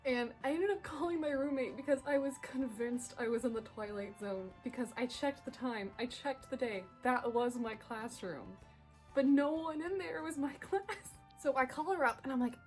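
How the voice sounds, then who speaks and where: A young woman telling a funny story to camera in a casual vlog, animated and laughing between lines. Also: high-pitched, normal speed. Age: young adult. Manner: animated, laughs through the story, chatty asides. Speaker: vlogger. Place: bedroom at home. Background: soft background music.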